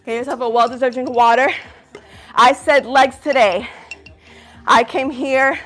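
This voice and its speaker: A woman's voice: high voice, moderate pace, fairly bright tone, soft background music. A woman leading a live ballet fitness class, out of breath, upbeat and encouraging as she counts reps and cheers. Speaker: fitness instructor. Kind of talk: live workout instruction.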